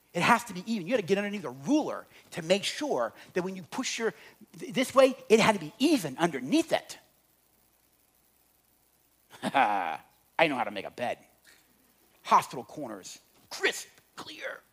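Animated middle-aged man telling stories. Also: a little high, normal speed, pauses often. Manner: animated, swings from loud to quiet. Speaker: speaker on relationships. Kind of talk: humorous storytelling talk to an audience.

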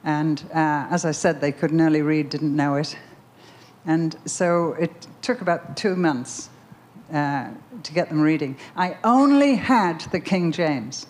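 An older woman giving a Christian talk, telling a personal story in an animated, emphatic way full of questions. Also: deep voice, unhurried. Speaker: Christian speaker.

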